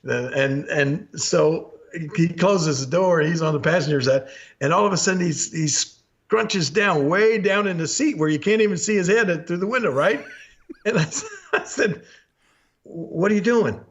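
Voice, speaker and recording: The older man hosting this storytelling podcast has a fairly high, fairly bright voice at a moderate pace. He rambles through his tales, laughs a lot and acts out old quotations, all on slightly dull lo-fi audio.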